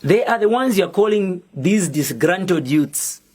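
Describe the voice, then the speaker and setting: A young man with a Zambian accent delivers a public statement at a slow, deliberate pace. His tone is measured and defiant, and each point lands with firm emphasis. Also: high-pitched, lively intonation, a little mellow. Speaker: musician and activist.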